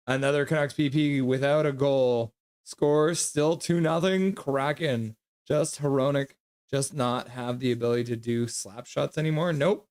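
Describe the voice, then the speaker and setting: A man's voice: medium pitch, fairly even intonation, unhurried, a little mellow, clean tone. Male streamer, casual live reaction host, reads viewer comments and calls the action loosely. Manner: reads viewer chat aloud by name, mixed with loose play-by-play.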